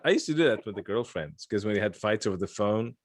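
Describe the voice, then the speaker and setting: Low-voiced joking male podcast host. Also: expressive, fast, no echo, studio quality. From Lithuania. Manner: rambling, joking, frequent restarts. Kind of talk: casual chat.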